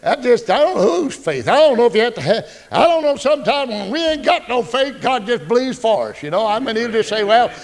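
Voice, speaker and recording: A male pastor preaching a folksy, joking, animated sermon. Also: extremely high pitch, a little fast, vocal fry, hardly any pauses.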